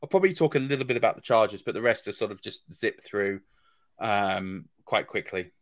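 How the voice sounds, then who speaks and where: A man's voice: lowish voice, fairly quick, dry recording. A man co-hosting a fantasy football podcast, giving casual analysis with many ums and restarts.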